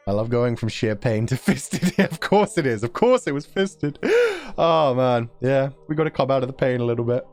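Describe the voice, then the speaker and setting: A man reading a novel aloud on stream and reacting to it in a giggly, profane, excitable way. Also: a little high. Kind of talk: casual stream commentary and read-aloud. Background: faint music.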